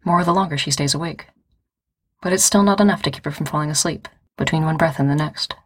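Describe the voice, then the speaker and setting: A woman narrating a story in a calm, measured reading voice. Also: sits low, dry recording. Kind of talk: audiobook-style story reading.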